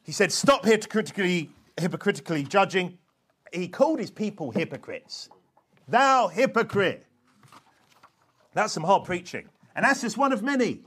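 A man preaches a sermon in a voice that sits high for a man. He moves between quiet asides and scripture shouted at full force. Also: sing-song, a little fast, breathy edge. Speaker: pastor.

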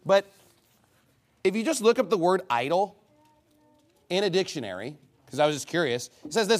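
A man's voice: high-pitched, big pitch swings, a little fast. A man preaching a heated, combative sermon, scornful of his opponents.

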